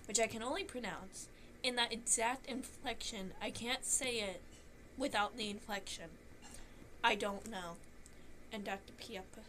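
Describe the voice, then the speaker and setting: A woman's voice: medium pitch, steady tone, a little slow, noisy background. Rambling Southern woman streamer. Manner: rambling, swears often, self-deprecating. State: phlegmy throat. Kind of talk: casual stream chat.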